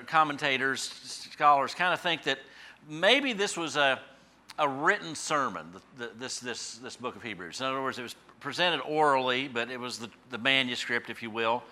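Bright-voiced folksy preacher man. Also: mid-range voice. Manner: folksy, conversational preaching with fillers and anecdotes. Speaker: pastor. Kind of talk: sermon.

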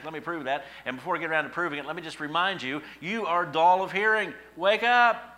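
A man's voice: mid-range voice, bright, forceful tone, slight background noise. A man preaching a sermon in a conversational way that rises to emphatic peaks, reading scripture and explaining it. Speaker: pastor.

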